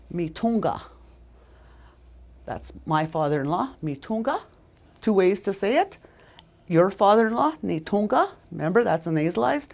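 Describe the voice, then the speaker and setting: A woman teaching a language lesson, repeating each word several times and correcting herself as she goes. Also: on the low side.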